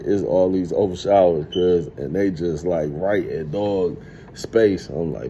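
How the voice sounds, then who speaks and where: A man in his thirties telling a streetwise, profane story in a casual, animated monologue. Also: low voice, moderate pace, dull audio, slight background noise. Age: 30s. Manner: streetwise, profane, animated retelling with acted quotes.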